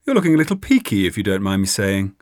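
A man's voice: fairly low pitch, huge pitch swings, fast, darkish tone, dry recording, clean studio sound. A man reading aloud voices a smug, slightly dim male witchfinder, pushy and chatty. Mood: nosy.

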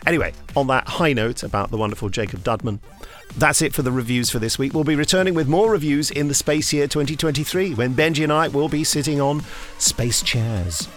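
A man's voice: mid-range voice, fairly quick, a bit bright, faint music behind. A man co-hosting a podcast, reading listener reviews aloud with jokes and laughs. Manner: jokey, laughs while reading. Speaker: podcast co-host.

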